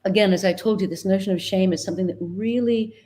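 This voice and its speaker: A woman dialect coach talking in a casual interview, earnest and animated as she tells stories, over a video call mic. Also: mid-range voice, fast. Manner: animated, earnest storyteller with sudden bursts of laughter. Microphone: video call microphone.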